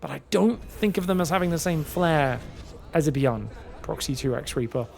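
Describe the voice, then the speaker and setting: A man commentating a strategy game solo, quick excitable play-by-play with casual asides to his viewers. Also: on the high side, vocal fry. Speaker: esports caster.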